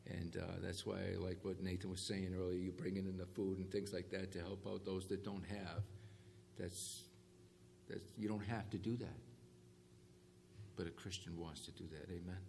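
A man preaching to his congregation, slowing down to hammer key lines and asking for amens. His voice carries through a hall with a long echo, with faint room noise behind it. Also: low voice, creaky. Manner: call-and-response, animated emphasis on key phrases. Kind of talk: sermon. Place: church hall. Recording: echoey hall with faint ambience.

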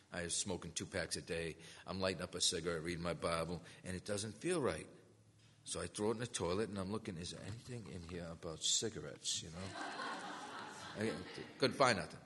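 Casting: low, bright-toned male preacher, storytelling testimony, big hall reverb. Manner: storytelling, acts out quoted voices. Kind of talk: testimony sermon.

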